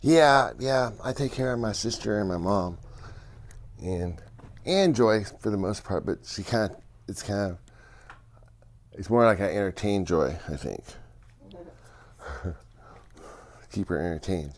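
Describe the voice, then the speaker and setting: A man's voice: fairly low pitch, animated, measured pace, pauses often. Friendly man greeting viewers. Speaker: livestream co-host. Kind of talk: casual live-stream chat.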